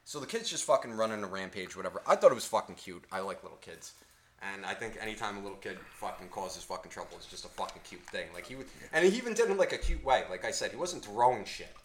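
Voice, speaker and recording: A man co-hosting a podcast, telling a story in a casual, profane, animated way. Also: on the low side, roomy sound, slight background noise. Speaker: podcast co-host.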